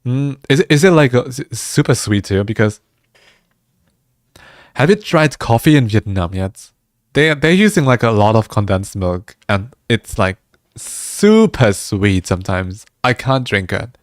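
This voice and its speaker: A man's voice: medium pitch, sing-song, measured pace, no echo, studio quality. A man chatting casually with viewers during a livestream, laughing often and restarting his words as he goes. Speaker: music streamer.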